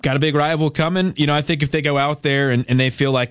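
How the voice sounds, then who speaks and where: A man's voice: mid-range voice, fairly even intonation, quick pace, hardly any pauses, no echo. A man on a sports talk radio show, giving thoughtful, conversational football analysis. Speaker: radio co-host.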